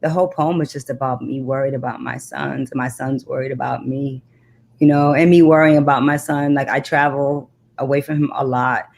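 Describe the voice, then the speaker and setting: A woman's voice: extremely low pitch, steady tone, a little fast, vocal fry, a little mellow. Woman performing spoken-word poetry. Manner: rhythmic, incantatory poetry recital with repeated refrains; earnest, reflective conversational talk. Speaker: poet guest.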